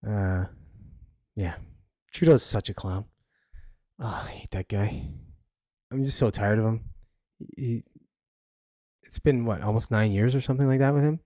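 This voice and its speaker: Rambling podcast host. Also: male voice, fairly low pitch, unhurried, long pauses, warm tone, dry recording, clean studio sound. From Canada. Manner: rambling, blunt, many fillers. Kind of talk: casual solo commentary.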